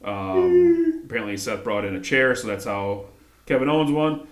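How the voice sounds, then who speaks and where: A man's voice: mid-range voice, wildly swooping pitch, moderate pace, echoey room. A man co-hosting a casual wrestling recap, hesitant and full of fillers and restarts. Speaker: podcast co-host.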